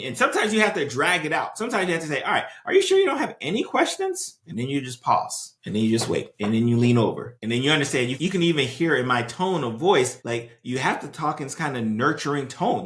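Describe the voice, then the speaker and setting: A man's voice: fairly high pitch, a bit bright. A man who is a doctor hosting a podcast, talking casually to listeners and often tagging sentences with "right?". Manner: conversational, repeats "right?" often, acts out patient and doctor exchanges. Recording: roomy echo.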